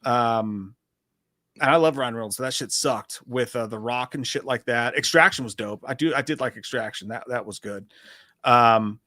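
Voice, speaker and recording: A man co-hosting a casual livestream discussion, talking in an animated, profane, rambling way as he reads through a list. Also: medium pitch, normal speed, no echo, studio quality. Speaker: podcast co-host.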